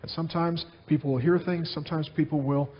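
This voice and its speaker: A man preaching a sermon as pastor, telling stories in an animated way and repeating his phrases. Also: on the high side, fast talker, muffled recording.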